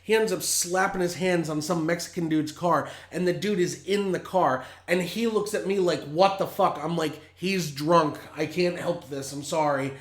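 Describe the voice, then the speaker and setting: A man's voice: fairly high pitch, moderate pace, hardly any pauses. Profane, heated storyteller man. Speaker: podcast host. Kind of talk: casual storytelling. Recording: roomy echo.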